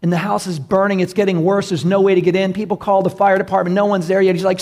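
A man's voice: high-pitched, level tone, quick pace, few pauses, a little mellow. A male pastor preaching a sermon in an earnest way, building emphasis with repeated phrases.

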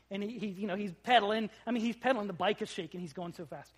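A man in his thirties preaching a sermon, telling a family story with big swings from hushed to loud. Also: high-pitched, very fast, breathy edge. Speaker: pastor.

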